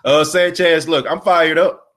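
A man's voice: on the high side, fairly even intonation, measured pace, fairly bright tone. A man hosting a sports podcast, ranting emphatically with repeated rhetorical questions and casual slang, tired after an overnight shift. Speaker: podcast host. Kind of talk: fired-up solo sports podcast rant.

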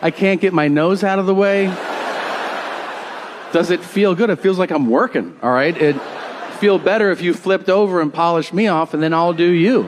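A man's voice: high voice, moderate pace. A man doing a stand-up comedy set, telling a crude, exaggerated story and acting out the people in it. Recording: live audience noise. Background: crowd laughter and ambience.

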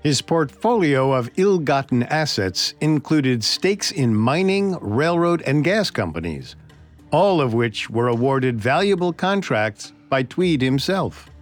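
A male podcast host narrates history with dramatic storytelling. His pitch is lively and varied, with faint music under some passages. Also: unhurried.

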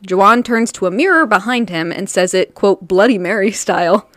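A woman podcast host tells a story in a relaxed, chatty way, laughing often along the way. Her voice sits at an average pitch. The recording is dry and close, with no room sound. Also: normal speed, dry recording. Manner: laughs often while recounting. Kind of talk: casual storytelling chat.

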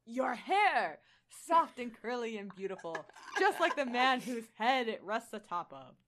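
A woman reading the lines of a tender, courtly male thunder god, soft and earnest. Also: fairly high pitch, very animated, unhurried, background noise. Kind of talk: fan fiction read aloud.

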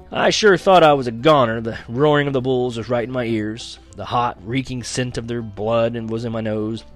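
Male storyteller, mid-pitched, reads with dramatic, lively delivery. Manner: lively, dramatic, slows for action beats. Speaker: audiobook reader. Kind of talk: first-person storytelling reading.

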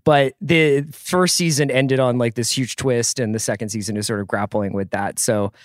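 A man's voice: medium pitch, fairly even intonation, normal speed, dry recording, studio quality. A man in his forties co-hosting a podcast, chatting casually with jokes, tangents and self-deprecating asides. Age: 40s. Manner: joking, rambling, self-deprecating. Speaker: podcast co-host. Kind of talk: casual chat.

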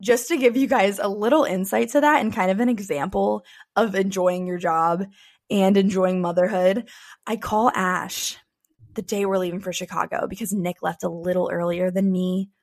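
A woman's voice: mid-range voice, fairly even intonation, normal speed, no room sound, studio quality. A young woman co-hosting a podcast, telling personal stories in a candid, chatty way. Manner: candid, chatty, frequent "like" fillers. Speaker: podcast co-host. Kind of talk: casual personal storytelling.

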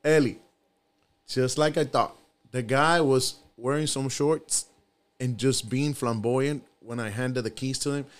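A man, a guest on a podcast, telling a story in relaxed casual chat and repeating his phrases. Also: medium pitch, unhurried, smooth.

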